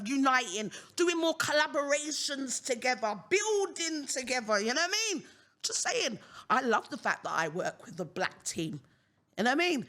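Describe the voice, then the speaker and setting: A British woman hosts a solo podcast, ranting outspokenly in British English and repeatedly asking "you understand what I'm saying?" Her voice is high, bright, and forceful.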